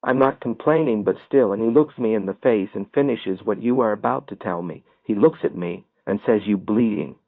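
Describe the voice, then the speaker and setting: A man reading a first-person story aloud as an audiobook narrator, telling it in a steady storytelling manner. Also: fairly low pitch, moderate pace, vocal fry, few pauses, dry recording. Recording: tinny phone-like dry sound.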